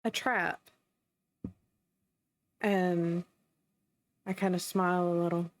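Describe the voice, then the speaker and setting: A woman playing a tabletop game, voicing her deity slowly and with deliberate weight. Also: lowish voice, steady tone. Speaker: player. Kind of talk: tabletop role-play.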